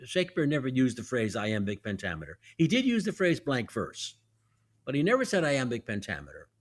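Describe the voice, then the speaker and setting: A man's voice: mid-range voice, fairly quick. A man who is a guest actor and professor, explaining verse in a teacherly way, step by step, in a podcast conversation. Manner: teacherly, lively, walks through examples step by step.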